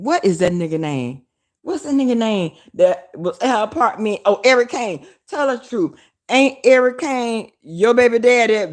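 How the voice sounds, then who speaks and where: A woman with a Southern US accent on a casual livestream, talking loudly and profanely, hollering and calling her viewers y'all. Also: a little high. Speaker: vlogger.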